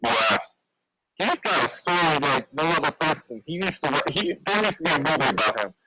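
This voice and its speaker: A man's voice: on the high side, animated, normal speed, bright, forceful tone, husky, dry recording, rough recording. A man co-hosting a radio talk show, reacting with short interjections.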